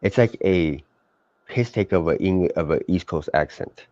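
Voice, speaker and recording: A man's voice: deep voice, measured pace, a little mellow, no room sound. A man in casual, profane live-stream banter, rambling with lots of restarts and fillers. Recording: dull lo-fi stream audio.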